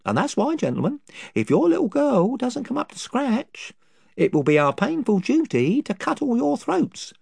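Reader playing the chief of the invisible creatures: rambling, rustic, politely menacing, with wildly swinging pitch. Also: huge pitch swings, normal speed, vocal fry, darkish tone, husky, no echo, studio quality, heavily acted. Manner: rambling, folksy, servile yet menacing.

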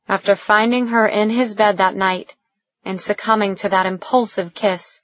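A woman narrating a romance audiobook in a slow, even storytelling way. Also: medium pitch, dry recording. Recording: dull, lo-fi recording.

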